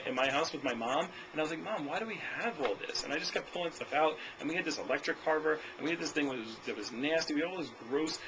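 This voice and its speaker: A young man in a noisy room running a sales training demo, talking fast and energetically and ending his points with "okay?". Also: on the high side.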